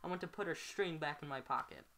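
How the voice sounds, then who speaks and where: A woman's voice: low voice, quick pace, a bit bright. A woman reading a novel aloud at home, often stumbling and correcting herself on words. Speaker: amateur reader.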